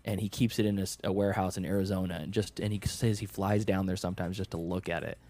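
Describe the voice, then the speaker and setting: Podcast host guy, real deep voice, kinda halting, thinks out loud a lot. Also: fairly even intonation. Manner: halting, many restarts, thoughtful. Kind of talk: casual film review chat.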